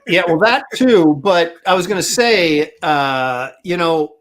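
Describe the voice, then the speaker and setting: Man, casual show host, rambling and halting, slightly high voice, echoey room. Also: fairly bright tone. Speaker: podcast host. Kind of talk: casual chat.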